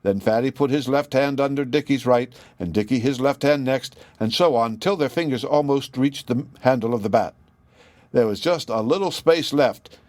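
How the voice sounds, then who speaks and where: Male storybook narrator, gentle and expressive, dry close recording. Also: mid-range voice, moderate pace, dry recording. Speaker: audiobook reader.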